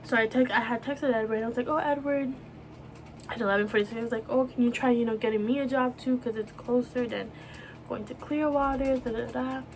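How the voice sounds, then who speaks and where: A young woman telling a personal story on her vlog, emotional and halting, with many restarts and filler words. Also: fairly high pitch, steady tone, a little hiss or hum. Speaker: vlogger.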